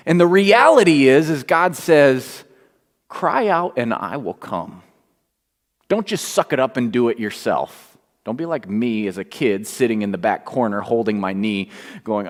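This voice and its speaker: A middle-aged man delivering a sermon as pastor, animated and swinging from quiet asides to near-shouting. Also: mid-range voice. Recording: long reverb.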